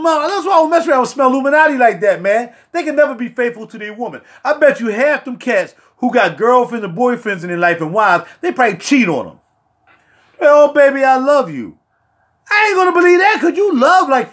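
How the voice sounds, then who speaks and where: A man's voice: sits high, a bit bright. A man hosting a casual livestream, joking and talking in slangy street talk with playful outbursts. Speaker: fragrance reviewer and livestream host.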